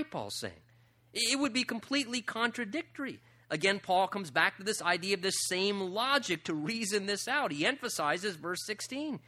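A male pastor preaching a sermon, emphatic and full of rhetorical questions, swinging between loud and soft passages. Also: high-pitched, sing-song, normal speed.

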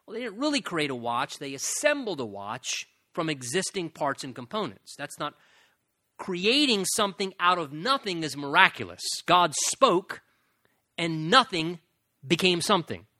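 A man preaching with a bright, forceful voice that sits a little high for a man. He speaks earnestly, repeats phrases for emphasis and slows down on the key lines. The sound is dry and close, with no room echo. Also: big pitch swings. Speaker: pastor. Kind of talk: sermon.

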